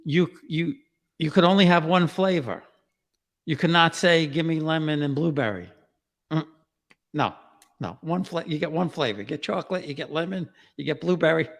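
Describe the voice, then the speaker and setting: Gravelly and fairly high-pitched, this man's voice echoes in a big room as he speaks at a moderate pace. He's a guest in a casual interview, a genealogy author and podcaster from Queens with a New York accent. Loose and repetitive in his phrasing, he laughs frequently.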